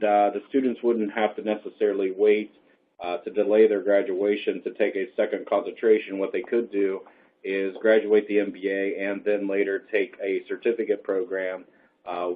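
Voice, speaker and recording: A man speaking as a professor in a webinar, reassuring and explaining step by step, with a hoarse voice that is going. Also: fairly low pitch, level tone, moderate pace. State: losing his voice. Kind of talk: webinar answer. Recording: phone-like line.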